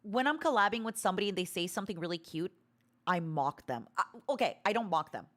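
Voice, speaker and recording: Woman streamer, casual chat, lively up-and-down voice, blunt to-the-point delivery. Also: fast. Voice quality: animated, self-described harsh to-the-point tone. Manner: rambling with many restarts and fillers, sudden loud squeaky imitations.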